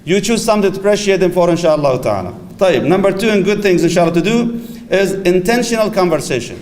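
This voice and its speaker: A middle-aged man giving a lively religious lecture on marriage, acting out short dialogues and mixing in Arabic phrases. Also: high voice, fast. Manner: animated, acts out little dialogues, Arabic phrases mixed in. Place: lecture hall with audience.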